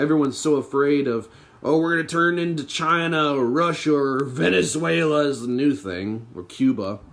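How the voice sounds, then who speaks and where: A young man hosting a podcast, delivering an angry political rant full of profanity and bitter sarcasm. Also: mid-range voice. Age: young adult. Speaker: podcast host.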